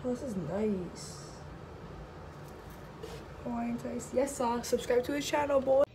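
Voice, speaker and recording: Chill slangy girl opening a gift, kinda high voice, noisy recording. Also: slow pace. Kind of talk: casual vlog chat.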